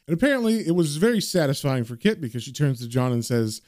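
A man casually recapping a comic issue, switching to slow, lower reading for quoted narration. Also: very animated, darkish tone, no room sound, studio quality. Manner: conversational, reads narration slowly. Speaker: comic book reviewer.

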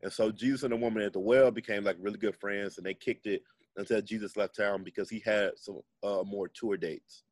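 A man's voice: on the low side, steady tone, brisk, a little mellow, no echo. A man casually retelling a Bible story as comedy in heavy slang, laid-back and irreverent. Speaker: podcast co-host telling a comic Bible story.

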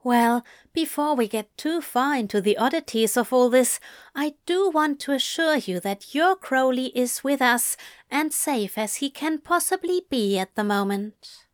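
A woman reading a story aloud, voicing a patient male angel with a dry, plummy voice who speaks in a polite, measured way and sighs. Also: high voice, animated, dry recording, voice pushed up.

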